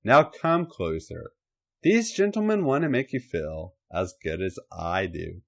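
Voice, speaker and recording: A man doing a commanding sinister dark lord. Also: low voice, sing-song, vocal fry, heavily acted. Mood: domineering. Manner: slow, domineering orders. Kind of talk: comedic erotic story reading.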